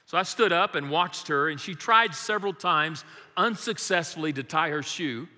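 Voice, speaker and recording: Preaching as a guest in a church sanctuary, an older great-grandfather blends prayer with folksy, amusing anecdotes about his family. The voice is pushed and bright, on the high side, at a moderate pace, with the long reverb of a large hall.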